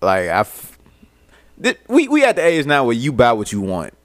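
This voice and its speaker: A man co-hosting a podcast, talking in a deliberate, measured way with features. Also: medium pitch, huge pitch swings, no echo. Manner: deliberate, measured talk with profanity. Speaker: podcast co-host. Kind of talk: casual chat.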